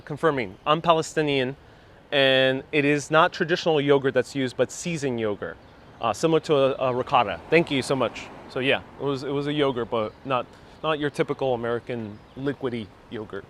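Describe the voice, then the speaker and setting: A man from New York City in his thirties, livestreaming a walking tour outdoors on a wireless lapel mic and telling childhood stories in a casual, animated way. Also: mid-range voice, fairly quick, a little hiss or hum. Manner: animated storyteller, reads viewer comments aloud. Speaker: vlogger giving a live walking tour. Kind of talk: casual live-stream storytelling.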